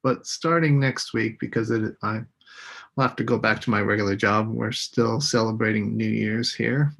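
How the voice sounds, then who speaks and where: A man teaching an English lesson on a live stream, slowly repeating each word for his students. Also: lowish voice, steady tone, vocal fry, a bit bright. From United States. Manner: slow, deliberate, repeats words for students.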